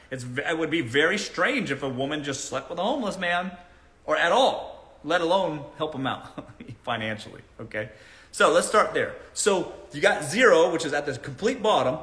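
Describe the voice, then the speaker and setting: Man, bright forceful voice, slightly high, blunt mocking live-stream dating talk. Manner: blunt, mocking, laughs at his own points. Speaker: dating advice streamer answering live chat. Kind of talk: casual live-stream Q&A monologue.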